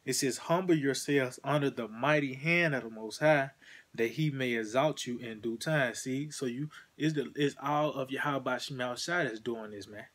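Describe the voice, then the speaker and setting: Male preacher, husky voice, casual sermon, drawn-out scripture readings. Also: medium pitch, a bit bright. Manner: casual, repeats "man" and "you know" often, slows down for scripture. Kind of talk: informal sermon.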